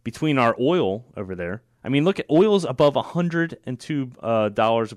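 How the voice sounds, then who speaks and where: A man's voice: mid-range voice, lively intonation, moderate pace, no echo, studio quality. A man hosting a political talk show, opinionated and sarcastic, with frequent fillers and restarts. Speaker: radio show host.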